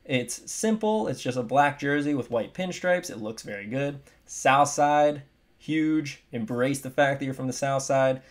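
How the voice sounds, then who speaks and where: A man's voice: medium pitch, unhurried. Opinionated young man ranking jerseys. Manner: animated, opinionated, emphatic swings. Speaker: sports commentator. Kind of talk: casual opinion commentary.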